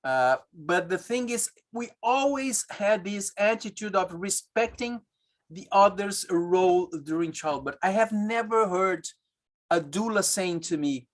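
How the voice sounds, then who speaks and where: A man, an obstetrician telling stories in a webinar conversation, halting and searching for English words with many restarts. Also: high voice, expressive.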